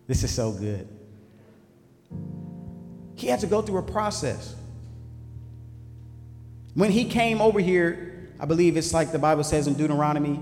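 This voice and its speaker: A man preaching a sermon, swinging between shouted lines and low asides in call-and-response style. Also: animated, unhurried, long pauses. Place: church sanctuary. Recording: echoey hall with faint music.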